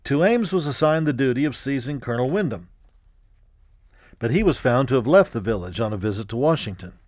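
A man reading a history audiobook in a measured, even storytelling manner. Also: medium pitch, no room sound, clean studio sound. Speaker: narrator. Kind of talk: scripted audiobook narration.

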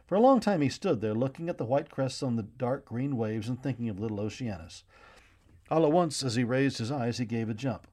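A man reads a children's storybook aloud, his mid-pitched voice rising and falling with lively expression. The pacing is gentle and unhurried, suited to a young audience. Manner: expressive, gently paced reading.

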